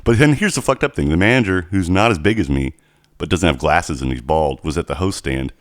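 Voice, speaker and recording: A man co-hosting a casual podcast, telling animated stories with plenty of swearing. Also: low voice, brisk, no room sound, studio quality. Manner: animated storytelling, heavy swearing. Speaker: podcast co-host.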